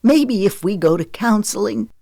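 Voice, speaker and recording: A woman's voice: medium pitch, lively intonation, normal speed, creaky, mellow, no echo, studio quality, pitched above the performer's own voice. A woman voicing a remorseful husband who pleads over the phone in an audiobook. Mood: pleading. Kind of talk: audiobook character voice.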